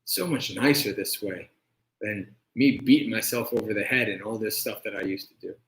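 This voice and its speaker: A monk giving a conversational dharma talk and answering questions, often checking in with "right?". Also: male voice, lowish voice, normal speed, fairly bright tone. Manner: conversational, keeps asking "right?". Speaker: monk teacher. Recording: echoey room.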